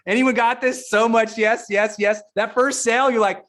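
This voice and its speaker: A man's voice: very high-pitched, steady tone, moderate pace, hardly any pauses, fairly bright tone. A middle-aged man from Montana giving an emphatic, emotional motivational speech to a live audience, often restarting his sentences. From Montana, USA. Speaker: keynote speaker.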